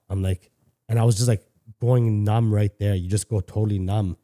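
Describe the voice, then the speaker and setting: A man's voice: on the low side, steady tone, normal speed, mellow. A middle-aged man from Canada telling a personal story on a podcast in a candid, casual way, swearing freely and restarting sentences often. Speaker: podcast guest.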